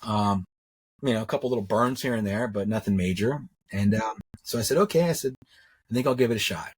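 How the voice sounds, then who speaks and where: Talking a little fast in a husky, fairly low voice, a middle-aged metalsmith tells his story as an interview guest. The jewelry maker rambles in a relaxed way, repeating words and acting out other people's dialogue.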